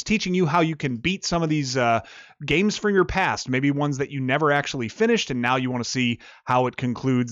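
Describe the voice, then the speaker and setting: Lively, wry male gameplay commentator. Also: mid-range voice. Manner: wry, sarcastic asides about a bad game. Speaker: gameplay walkthrough host. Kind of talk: casual game commentary. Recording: music playing loudly behind the voice.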